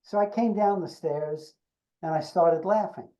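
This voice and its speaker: An older man, an actor being interviewed, tells an anecdote with animated delivery and acts out the dialogue. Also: fairly high pitch, measured pace, rough recording. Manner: animated storyteller acting out quoted dialogue. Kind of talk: storytelling anecdote.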